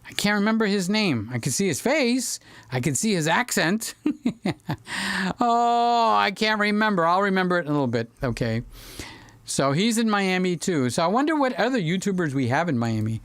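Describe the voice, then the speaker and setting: A man's voice: high voice, very animated, moderate pace, a bit bright, smooth, no room sound. A middle-aged man hosting a livestream, reading viewer comments aloud and joking around in casual chat, speaking into a studio microphone. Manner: chatty and joking, drifts off topic. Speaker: livestream host.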